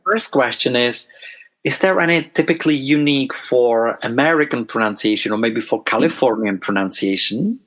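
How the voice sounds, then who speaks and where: A man's voice: mid-range voice, lively intonation, normal speed, fairly bright tone. Czech man interviewing in English. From Czech Republic. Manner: friendly, careful questions with brief praise. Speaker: podcast host and interviewer.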